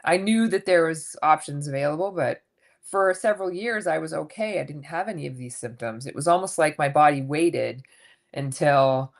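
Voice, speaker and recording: Low-voiced woman in her fifties, candid. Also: normal speed. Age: 50s. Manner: candid, animated storytelling with acted quotes. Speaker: guest coach. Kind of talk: casual podcast interview.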